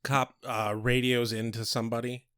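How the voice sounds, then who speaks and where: Blunt swearing podcast host, dry sound. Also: male voice, medium pitch, little pitch movement, moderate pace, a bit bright, smooth, no echo. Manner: blunt, profane ranting. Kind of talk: casual chat.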